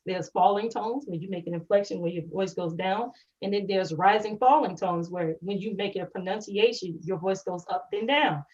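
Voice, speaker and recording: A woman's voice: mid-range voice, moderate pace, few pauses, darkish tone. Woman, podcast co-host, explanatory, working through examples; sits back from a dull mic. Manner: explains step by step with examples, repeats words as she thinks. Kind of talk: educational podcast discussion. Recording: distant muffled mic.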